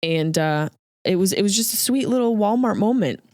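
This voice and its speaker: A woman hosting a podcast, telling a comic story in an animated, jokey way and acting out the voices of the people in it. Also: mid-range voice, moderate pace, no room sound, studio quality. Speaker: podcast host. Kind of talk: comedic storytelling monologue.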